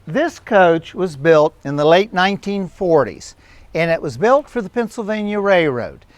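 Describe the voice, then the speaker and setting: Folksy older tour guide with a Southeastern Ohio accent, lively high voice, dry sound. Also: male voice, dry recording. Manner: folksy, animated storyteller. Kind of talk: anecdotal storytelling on a tour.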